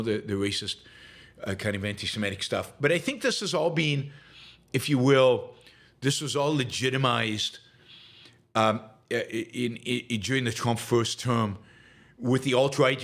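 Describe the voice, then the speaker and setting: A middle-aged man hosting a political commentary show, talking in a halting way with many fillers and restarts, indignant and emphatic. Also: mid-range voice, a bit bright. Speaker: podcast host.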